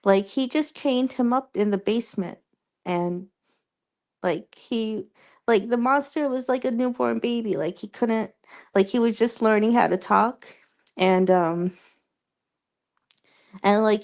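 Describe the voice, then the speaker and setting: A young woman streamer chatting casually with her viewers, rambling and halting with many fillers and restarts. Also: on the high side, a little mellow.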